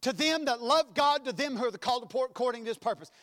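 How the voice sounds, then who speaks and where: High-voiced impassioned man preaching in a hall. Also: quick pace. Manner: impassioned, swings between loud and soft. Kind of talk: sermon. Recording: long hall reverb.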